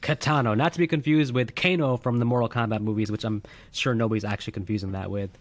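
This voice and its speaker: Brief: male film-review co-host, rapid delivery, excitable, swears casually. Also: mid-range voice. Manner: animated, exclaiming, swears freely. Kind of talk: casual movie discussion.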